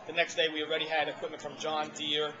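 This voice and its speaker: A man casually telling a long personal story to a small group in a restaurant, animated and restarting often. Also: a little high, quick pace, a crowd in the background. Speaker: former ambulance responder telling his story. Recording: dull lo-fi audio with loud music behind. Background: restaurant music.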